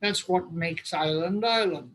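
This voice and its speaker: A man's voice: fairly high pitch, moderate pace, fairly bright tone, rough recording. An older man with an English accent hosts an online roundtable, telling long, wry, humorous anecdotes. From England. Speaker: host. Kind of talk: anecdotal storytelling.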